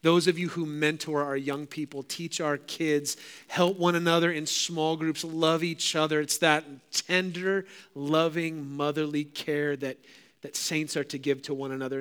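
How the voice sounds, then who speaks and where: Clear-voiced pastor, higher-pitched man. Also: sharp tone. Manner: addresses the congregation directly with frequent fillers. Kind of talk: sermon with scripture reading. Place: church service.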